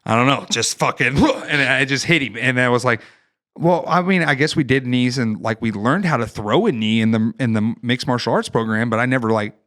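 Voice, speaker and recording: A man from northern Ohio, a Marine veteran guest on a podcast, telling a wild story in a casual, profane, animated way with laughs. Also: mid-range voice, brisk. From northern Ohio, United States.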